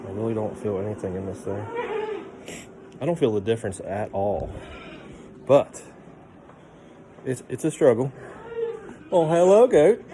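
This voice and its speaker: A man's voice: fairly low pitch, moderate pace, pauses often. Chatty man vlogging outdoors. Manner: chatty, playfully dramatic. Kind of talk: casual outdoor vlog. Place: outdoors on a snowy, windy farm. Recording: wind noise outdoors.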